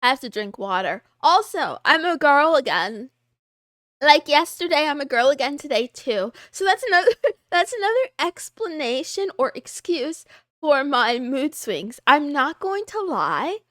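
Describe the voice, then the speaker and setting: A woman live streamer chatting casually and greeting her chat, giggly and excitable. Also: high voice, unhurried, no room sound, studio quality.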